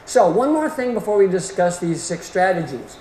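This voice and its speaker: In an echoey lecture hall with faint room noise, a middle-aged orthodontic lecturer delivers a continuing-education talk in a folksy, emphatic way. His high voice is sing-song and darkish in tone, at a moderate pace.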